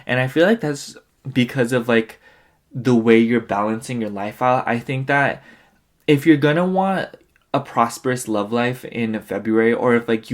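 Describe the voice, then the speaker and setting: A man gives a relaxed pick-a-card tarot reading, his voice sitting in an ordinary middle range. He sounds a little tired and keeps circling back with loose, rambling asides. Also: mid-range voice. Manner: rambling, full of "like" and "you know". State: tired, yawning. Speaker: tarot reader.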